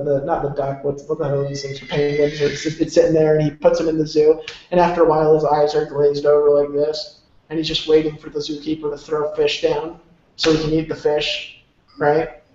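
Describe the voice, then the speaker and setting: A man's voice: on the high side, flat delivery, fairly quick, warm tone. A man giving a rambling, emphatic motivational talk with casual cursing. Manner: emphatic, rambling, salty language. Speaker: motivational speaker. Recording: very echoey, dull lo-fi room sound.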